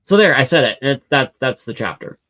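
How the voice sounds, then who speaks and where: A man's voice: medium pitch, very animated, brisk, fairly bright tone. A man in his home hosts a live question-and-answer stream, reading out viewer comments. His voice sits in an ordinary middle range. He talks in a loose, rambling way, full of fillers and restarts. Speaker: livestream host answering chat questions. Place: home room with a cat.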